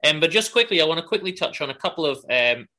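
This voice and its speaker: A man co-hosting a casual podcast, talking in a chatty, upbeat way full of ums and asides. His voice sits a little high and sounds bright and forceful. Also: lively intonation, quick pace. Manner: chatty, upbeat, filler-heavy plugging. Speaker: podcast co-host. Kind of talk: casual chat.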